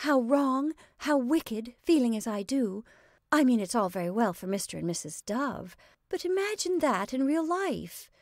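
A woman's voice: a little high, big pitch swings, moderate pace, a little mellow, dry recording, clean studio sound, voice pushed up. A woman voicing an earnest, anxious young woman in a storybook reading, speaking in a pleading way.

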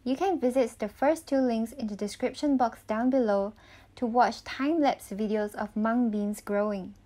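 A woman reading a picture book aloud to children, pausing to ask them questions. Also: a little high, dark tone. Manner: slow, clear, asks children questions. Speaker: volunteer storybook reader.

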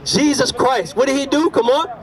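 A man's voice: very high voice, normal speed. A man preaching an emphatic outdoor street sermon, repeatedly checking that his listeners understand. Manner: emphatic, repeats "you understand" and "all right". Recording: distant outdoor street recording.

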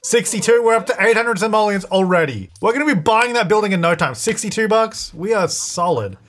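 A man giving casual, chatty gameplay commentary, excitable and talking back to the characters on screen. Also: high-pitched, fairly quick. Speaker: gaming channel host.

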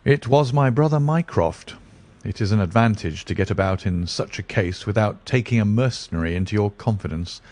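A man reading the lines of a calm, clever male detective in a measured, assured way. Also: fairly low pitch, close to an everyday voice.

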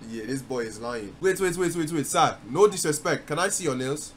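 A man's voice: on the high side, animated, brisk, a little hiss or hum. A young man from New York, a livestreamer teasing strangers on a video chat app with mocking, playful jabs. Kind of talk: prank video chat banter.

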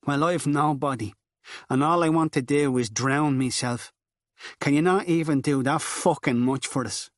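A desperate young Dublin girl begs for help in a raised, higher voice, as a male narrator puts her on. She talks urgently and pleadingly, the words pressing and loud. The reading is dry and close. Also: moderate pace, dry recording, lightly acted. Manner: urgent, begging.

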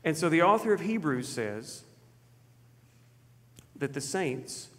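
A man's voice: on the high side, lively intonation, slow. Man preaching a sermon in a reverberant church. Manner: storytelling, dropping to quiet emphasis. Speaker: pastor. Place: church sanctuary.

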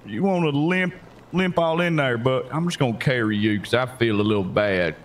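A man playing a rough, foul-mouthed mechanic who swears constantly and calls everyone partner or babe. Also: mid-range voice, moderate pace, a little hiss or hum, lightly acted. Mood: sheepish. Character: rough, foul-mouthed male mechanic, panicky but pushy.

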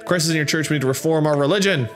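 A young man casually commenting on a game, reading its text aloud and reacting with wry asides. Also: on the high side. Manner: chatty, wry, bouncing between reading and quick reactions. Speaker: gameplay commentator. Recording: game music playing behind the voice.

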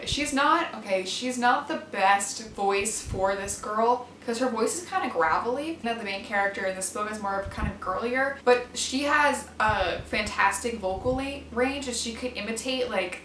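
An enthusiastic woman with a slightly raised pitch, talking casually about favorite books and leaning on "like" as a filler. She sits some distance from the mic in an echoey room, with a faint hiss of background noise behind her. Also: a bit bright. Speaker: book reviewer. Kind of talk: casual book review vlog.

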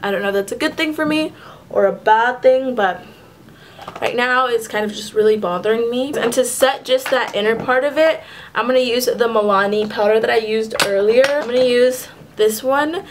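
A woman's voice: a little high, moderate pace, slight background noise, rough recording. A young woman talking through a casual makeup tutorial in a chatty way, often stopping to correct herself mid-phrase. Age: young adult. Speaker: beauty vlogger.

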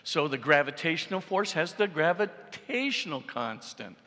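Man, priest, public lecture, bright forceful voice, long church reverb. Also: fairly high pitch, normal speed. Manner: animated, repeats for emphasis, asks the audience "right?". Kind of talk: public lecture on science and faith. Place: large church.

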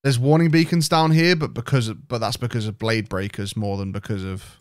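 A man's voice: mid-range voice, fairly even intonation, a little fast, smooth, dry recording, clean studio sound. A British man giving casual let's-play commentary, thinking aloud and rambling with restarts. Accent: British English. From Britain. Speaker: game streamer.

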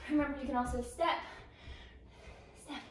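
A woman's voice: sits high, fairly even intonation, moderate pace, distant mic, slight background noise. Out-of-breath woman coaching a workout. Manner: encouraging, counting down reps between puffs. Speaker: fitness instructor. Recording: echoey room, voice from off the mic.

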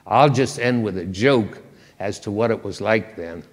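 In a reverberant large lecture hall, an older guest lecturer speaks unhurriedly in a lowish voice. His public talk comes across as wry and conversational, laced with self-deprecating humor.

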